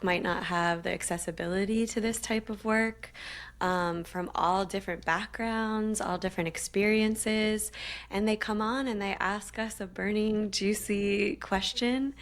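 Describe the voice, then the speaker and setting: A woman co-hosts a podcast as a psychic medium, speaking softly and gently about spirit and alignment. Her voice sits at a middle pitch, and she laughs easily between thoughts. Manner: soft-spoken spiritual talk with frequent laughs. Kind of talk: casual podcast chat.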